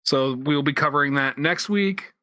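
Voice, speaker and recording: Podcast co-host, man, bright voice, rambling casual delivery, dry close mic. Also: a little high, normal speed, no echo. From Pennsylvania, USA. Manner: rambling, lots of restarts and fillers. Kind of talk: casual chat.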